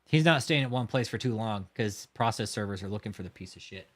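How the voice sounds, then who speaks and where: A man's voice: on the low side, animated, quick pace, fairly bright tone. A man hosting a livestream, talking casually and heatedly, swearing often and mocking his target while reacting to chat. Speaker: livestream host.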